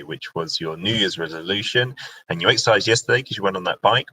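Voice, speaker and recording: A man's voice: low voice, fast talker, bright, forceful tone, rough recording. A young British man hosting a casual live-stream Q&A. He reads viewer comments aloud, chats freely and makes little asides to himself, recorded through a laptop webcam mic at home. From Britain. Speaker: live-stream host and radio presenter.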